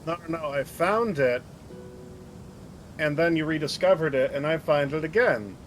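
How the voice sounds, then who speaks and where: A man's voice: a little high, animated, normal speed, a little hiss or hum. A man playing a tabletop game, joking and hesitant with many ums. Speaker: player. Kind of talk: casual tabletop play.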